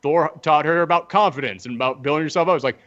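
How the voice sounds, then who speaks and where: A man co-hosting a comic book podcast, chatting casually and acting out characters in quick voices. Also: a little high, a bit bright, lo-fi sound. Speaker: podcast co-host reviewing comics. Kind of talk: casual chat.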